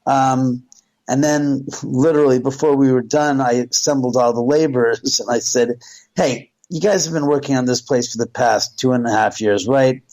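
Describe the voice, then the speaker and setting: A middle-aged man tells a story as a radio guest. He is animated and acts out the voices of the people in it, raising and dropping his pitch as he quotes them. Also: moderate pace, rough recording. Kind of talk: storytelling on a call-in radio show.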